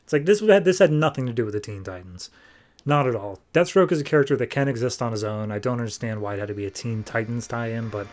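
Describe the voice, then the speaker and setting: A man hosting a podcast, recapping a comic book in a casual, animated and sarcastic way. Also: medium pitch, fast talker. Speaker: podcast host.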